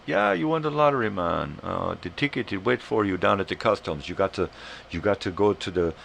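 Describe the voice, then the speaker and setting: A man voicing a pushy male lottery scammer on the phone, talking in fast, broken sales patter. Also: low-pitched, lively intonation, creaky, a bit bright, slight background noise, voice pushed up, heavily acted. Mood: wheedling.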